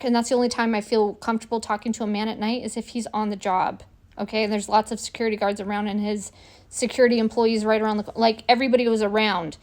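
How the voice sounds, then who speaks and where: A woman's voice: mid-range voice, fast talker. A woman in her forties telling a personal story straight to camera in a casual, indignant way, acting out what people said. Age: 40s. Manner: animated, indignant, acts out quoted lines. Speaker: vlogger.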